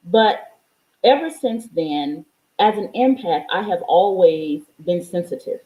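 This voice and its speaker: A woman's voice: on the low side, animated, takes it slowly, mellow. Fervent, swearing woman in an echoey room. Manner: profane, fervent, preachy. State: near tears. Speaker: spiritual vlogger. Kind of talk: emotional spiritual monologue.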